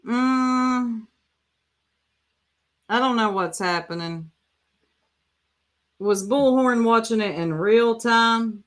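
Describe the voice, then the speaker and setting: A woman's voice: fairly high pitch, very slow, pauses often. A woman hosting a casual live reaction stream, chatting and talking straight to her viewers. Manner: chatty, addresses viewers directly.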